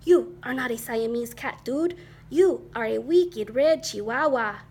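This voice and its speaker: A woman voicing an excitable boy kitten who thinks he is a chihuahua, in a bouncy, exclaiming, sing-song way. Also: sits high, moderate pace. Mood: boastful.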